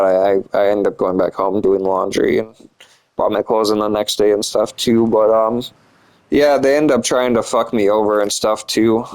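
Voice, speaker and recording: A man's voice: on the low side, a little mellow, rough recording. A young man telling a story casually, rambling and swearing a lot, with many filler words. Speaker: vlogger.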